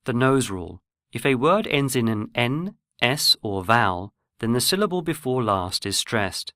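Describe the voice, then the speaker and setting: Male narrator for a language course, measured and explanatory, mid-pitched, dry close recording. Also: very animated, a bit bright, no echo. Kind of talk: scripted lesson narration.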